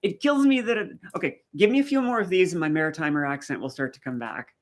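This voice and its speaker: A chatty man from Canada's rural east coast runs a casual live stream, swapping stories and answering comments from viewers. He talks fast in a slightly high voice.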